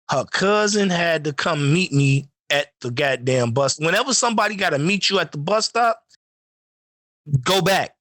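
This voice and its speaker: A man spins profane, animated stories on a casual podcast. His voice sits a bit high for a man and is recorded close and dry, with no room sound. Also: no echo. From Chicago. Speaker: podcast host. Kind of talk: casual chat.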